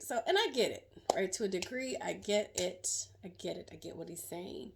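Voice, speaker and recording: A middle-aged woman sharing her own story as a survivor, in emotional, halting personal testimony full of fillers and restarts. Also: mid-range voice, creaky, a little hiss or hum.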